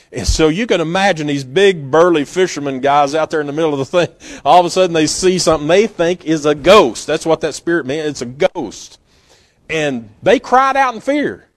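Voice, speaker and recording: A man preaching a sermon in a folksy, storytelling way, acting out scenes with sudden loud bursts. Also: a little high.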